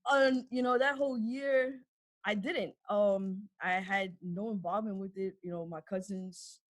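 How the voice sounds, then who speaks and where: A woman's voice: mid-range voice, measured pace, dry recording. A woman in her twenties telling a family story in a casual chat, acting out quotes, swearing freely and laughing often. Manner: animated storyteller, acts out quotes.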